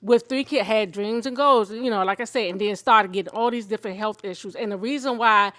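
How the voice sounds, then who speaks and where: A woman in her fifties telling her own story of illness and faith, candid and emotional, in an expressive conversational way. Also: medium pitch, fairly quick. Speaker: show host sharing her own story. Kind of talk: personal testimony in conversation.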